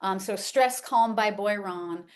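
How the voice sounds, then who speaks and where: A woman's voice: mid-range voice, takes it slowly. A middle-aged woman teaching in a conversational lecture, with many fillers and "like". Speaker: homeopathy educator. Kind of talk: informal lecture.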